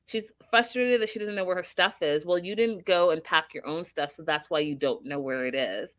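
A woman's voice: on the low side, normal speed, no echo. A woman casually recapping a reality show, opinionated and full of rhetorical questions.

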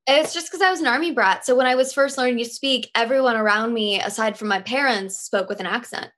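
Articulate woman guest, fairly high voice. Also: brisk, fairly bright tone. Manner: articulate, thoughtful, laughs easily. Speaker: actress and podcast guest. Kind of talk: casual interview chat.

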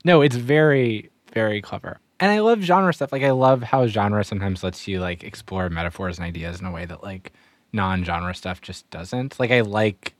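A man co-hosting a podcast in casual chat, self-deprecating and halting, with frequent restarts. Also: lowish voice, no echo. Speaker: podcast co-host.

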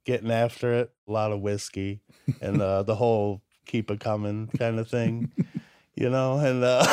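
A man's voice: lowish voice, animated, a little slow, clean tone. A man, a podcast guest, telling a family story in casual chat and laughing often.

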